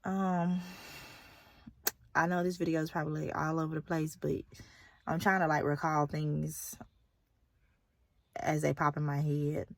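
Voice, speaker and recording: A woman's voice: deep voice, flat delivery, unhurried, vocal fry, pauses often, no room sound. A young adult woman, a nurse, chatting candidly in a casual vlog and sometimes dropping to a whisper. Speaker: nurse and vlogger. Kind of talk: casual chat. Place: at a kids' sports game.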